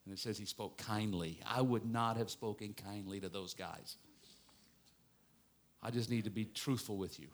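A man's voice: lowish voice, normal speed. Male pastor preaching a sermon. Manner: preaching with strong rises and falls, mock-gloating asides.

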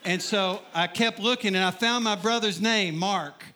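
Middle-aged preacher guy, pretty high voice, joking his way through his testimony. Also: normal speed, sharp tone. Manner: humorous storytelling, asks the crowd. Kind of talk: sermon testimony.

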